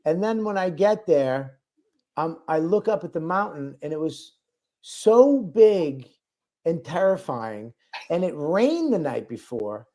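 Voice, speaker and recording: A man's voice: on the high side, sing-song, takes it slowly, mellow. A male comedian telling a self-mocking story in casual, rambling talk with crude language. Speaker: comedian guest.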